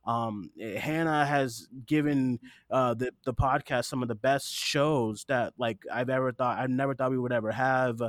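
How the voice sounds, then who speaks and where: A man's voice: mid-range voice, fairly even intonation, moderate pace, hardly any pauses, no echo, studio quality. A man hosting a podcast in casual chat, rambling and earnest, swearing now and then, teary-eyed while speaking into a desktop mic. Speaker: podcast host.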